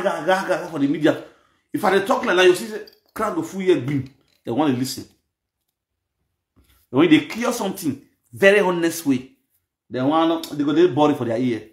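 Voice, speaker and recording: A man speaking in a Nigerian Pidgin accent, giving mocking, scolding gossip commentary and repeating lines for emphasis. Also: on the high side. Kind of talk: ranting commentary. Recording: echoey room.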